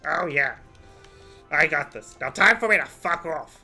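A man giving rambling, swearing, excitable commentary while playing a video game. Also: a little high, measured pace, creaky, breathy edge, faint music behind. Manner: rambling, excitable, swears often, laughs a lot. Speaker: gaming video host. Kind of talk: let's play commentary.

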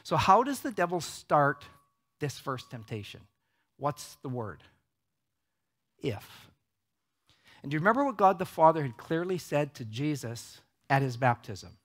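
A man preaching a casual, conversational sermon with a slightly higher voice than most men. He keeps checking in with his listeners, and he speaks in a cinema hall. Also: very animated, normal speed, fairly bright tone. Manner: conversational preaching, frequent "right?" checks with the audience. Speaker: pastor. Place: large cinema auditorium.

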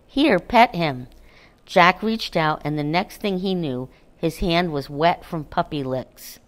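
A woman reading a children's storybook aloud, calm, gentle and unhurried. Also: low-pitched. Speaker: narrator.

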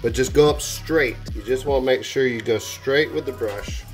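Excitable man gushing through a craft tutorial. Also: mid-range voice, moderate pace, faint music behind. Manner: enthusiastic, gushing, exclaims while working. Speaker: airbrush artist and channel host. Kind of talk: hands-on craft tutorial, chatty.

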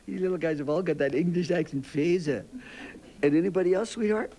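An older man hosting a children's TV show, gently interviewing young kids in a chatty, rambling, fatherly way. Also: on the high side, fairly quick.

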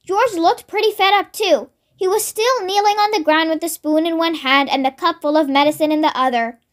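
A child reading a storybook aloud in steady narration. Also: very high-pitched. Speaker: storybook reader.

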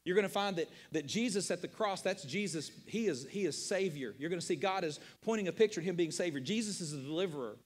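A man's voice: high-pitched, expressive, quick pace, few pauses, big-room sound. A man preaching a sermon as pastor, emphatic and rhetorical, repeating key phrases and asking questions of his listeners. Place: church sanctuary.

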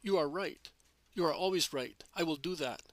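A man's voice: on the high side, normal speed, no room sound, lightly acted. A man voicing a fiery, impulsive fisherman apostle who speaks bluntly. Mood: earnest.

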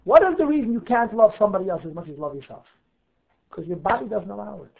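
A rabbi teaching a class, lively, weaving Hebrew terms into his English and asking himself questions to answer them. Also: sits high, gravelly. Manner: animated, asks and answers his own questions. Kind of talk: Torah class lecture. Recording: narrow phone-like audio.

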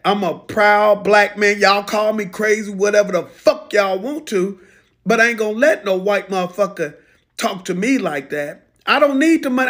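A man's voice: high voice, a bit bright. A man playing a proud, defiant pro football player in a profane, indignant social media rant. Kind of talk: comedic impression monologue.

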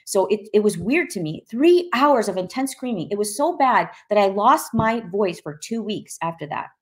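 A woman recounting her personal testimony with vivid emphasis. She tells the story in a lively way and acts out the quoted voices. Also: medium pitch, moderate pace. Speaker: guest sharing a personal testimony.

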